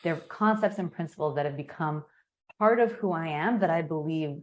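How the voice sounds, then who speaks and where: An American woman talking as a guest in a podcast interview, energetic and emphatic, acting out quoted sales pitches as she explains. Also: moderate pace, a little hiss or hum. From United States. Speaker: guest, marketing consultant.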